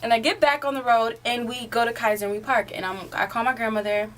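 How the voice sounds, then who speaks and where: A woman's voice: fairly high pitch, steady tone, fast talker, fairly bright tone. An eighteen-year-old woman telling a story in a casual, rambling way, filling it with "like" and "um". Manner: rambling, filler-heavy, often says "like". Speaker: vlogger.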